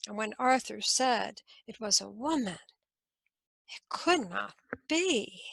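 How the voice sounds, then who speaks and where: A woman storyteller telling a medieval tale slowly and expressively, with dramatic pauses. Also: mid-range voice, expressive, creaky, a bit bright, dry recording, low-quality recording. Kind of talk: oral storytelling.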